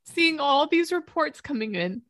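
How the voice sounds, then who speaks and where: Impassioned higher-voiced woman, dry and close. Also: animated, measured pace, a bit bright, dry recording. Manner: earnest, impassioned, rambling. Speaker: podcast co-host. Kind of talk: casual political discussion.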